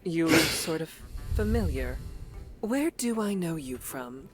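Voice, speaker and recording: Brash, gruff female cop, low voice, curt threats, game dialogue with a soft music bed. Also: animated, measured pace, heavily acted. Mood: tough. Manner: blunt, clipped, threatening cop talk. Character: brash tough female police detective, aggressive and flirty. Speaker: detective. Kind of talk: video game voice acting.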